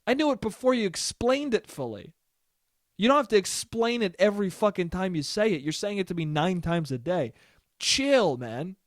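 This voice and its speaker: A man's voice: sits high, animated, moderate pace, dry recording, clean studio sound. Man doing a profane comic podcast monologue. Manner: rambling, profane storytelling with quoted voices. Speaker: podcast host. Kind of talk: solo comedic podcast monologue.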